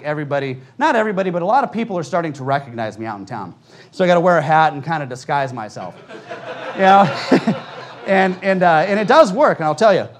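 High-voiced, animated preaching man. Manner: fast, animated delivery, acting out quoted people. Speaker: pastor. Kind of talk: fiery conference sermon with storytelling. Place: church conference hall with audience.

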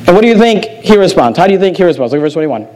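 High-voiced man preaching a sermon. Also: big pitch swings, racing, darkish tone, poor audio. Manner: earnest, repeats phrases, asks the congregation questions. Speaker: pastor.

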